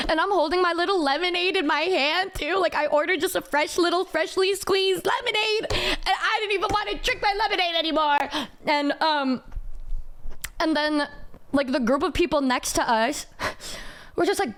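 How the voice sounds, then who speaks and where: Young female streamer, high bright voice, animated storytelling with heavy swearing. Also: fairly quick. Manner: animated, heavy swearing, quotes people in raised voice.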